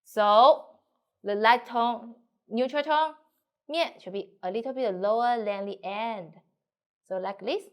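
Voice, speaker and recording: A woman's voice: fairly high pitch, a little slow. A woman teacher with a Mandarin Chinese accent, speaking in simple English and modeling tones in a singsong way. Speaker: language teacher. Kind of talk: slow explanatory lesson.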